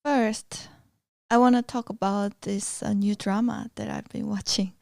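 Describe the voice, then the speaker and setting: A woman's voice: medium pitch, steady tone, unhurried, vocal fry, mellow, no echo, studio quality. A woman co-hosting a podcast in casual chat, talkative and often laughing, with many fillers. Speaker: podcast co-host.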